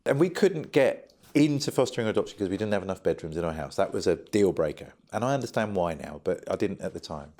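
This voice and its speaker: A middle-aged man, a guest in an interview, telling stories in an animated, humorous way. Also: sits low, fast talker. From United Kingdom. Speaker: charity founder guest. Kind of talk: interview storytelling.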